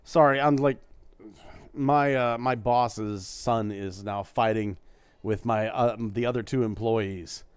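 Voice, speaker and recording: A man's voice: mid-range voice, fairly even intonation, takes it slowly, clear, resonant tone, dry recording. A middle-aged man co-hosting a podcast, rambling in casual chat, swearing freely and telling crude jokes. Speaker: podcast co-host.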